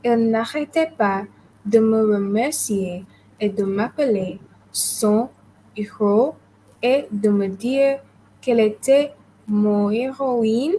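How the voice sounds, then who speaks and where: A woman student reads a passage aloud slowly and haltingly, each phrase placed with care. Her voice is rather high and mellow, with faint noise in the background. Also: low-quality recording. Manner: careful, halting, polite.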